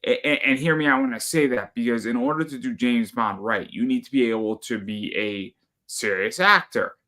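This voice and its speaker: A man with a bright voice at a middle pitch makes his case in earnest. He often stumbles over the first words of a sentence before he gets going. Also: normal speed. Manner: earnest, argues a point, stutters on starts. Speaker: podcast guest. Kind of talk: casual chat.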